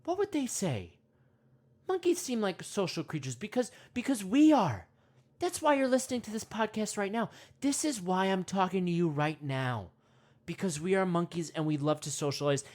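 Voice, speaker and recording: A woman's voice: medium pitch, sing-song, moderate pace, a little mellow. Woman doing a rambling macho self-help guru. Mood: worked up. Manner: rambling, repeats words, trails off, grunts monkey noises. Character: excitable macho male self-help podcast host. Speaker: podcast host. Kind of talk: comedic parody meditation podcast.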